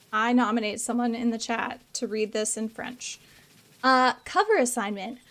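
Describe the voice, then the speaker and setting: A young adult woman streaming a game, joking, rambling and teasing herself in casual commentary. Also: a little high. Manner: jokey, self-mocking, rambling.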